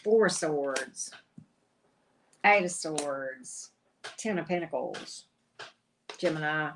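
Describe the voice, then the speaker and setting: Low and slow, this tarot reader's voice comes through a noisy background as she hosts her livestream. She teases and chats casually, calling out viewers by name while reading the cards.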